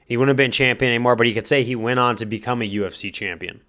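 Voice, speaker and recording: A man speaking in a smooth, resonant voice at a middling pitch, talking through a fight matchup. He thinks aloud, hedges his guesses and turns to give direct advice. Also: fairly even intonation, very fast, fairly bright tone. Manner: speculative, hedging, thinking aloud. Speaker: fight commentary vlogger. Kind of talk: casual spoken commentary.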